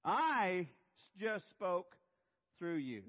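A calm, firm divine spirit, spoken low and unhurried, as a male preacher puts it on in his sermon. The words come slowly and deliberately, with long reverb from a big hall around them. The sound is dull and lo-fi. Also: heavily acted. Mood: gently correcting.

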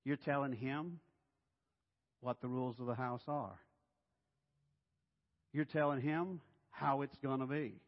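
A man preaching a sermon in a church, animated and playful, dropping to a hush and then rising loud. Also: mid-range voice, measured pace, long pauses. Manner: animated and playful, swinging between hushed and loud. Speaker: pastor. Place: church sanctuary. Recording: reverberant hall, dull sound.

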